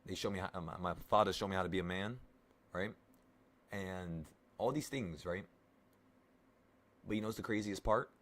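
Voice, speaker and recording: Low-voiced young man coaching traders. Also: normal speed, long pauses, a bit bright. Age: 20s. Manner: coaching, reassuring, rambling. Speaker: options trading streamer. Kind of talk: casual live trading talk to viewers.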